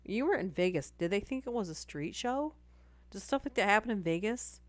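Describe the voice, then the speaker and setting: A woman's voice: mid-range voice, animated, brisk, dry recording. A woman hosting a live stream, reading stories aloud and breaking off for chatty asides and apologies.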